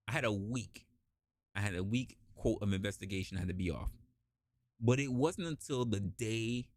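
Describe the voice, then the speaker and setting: A man hosting a podcast, telling a casual story and acting out the people in it with big jumps in pitch, swearing freely. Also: no echo, clean studio sound. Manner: animated, acts out quoted voices with big pitch jumps, swears. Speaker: podcast host.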